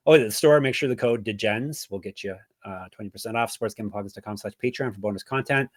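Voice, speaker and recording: A man's voice: fairly low pitch, quick pace, no echo, studio quality. A man hosting a sports betting podcast, chatting casually, joking and plugging links. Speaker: podcast host.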